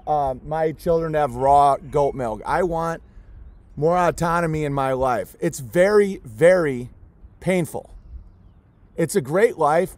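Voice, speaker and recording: A man's voice: a little high, no room sound. A man who raises goats and chickens, ranting in an impassioned vlog, emphatic and emotional, hammering the same words again and again, close to tears. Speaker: homesteader raising goats and chickens.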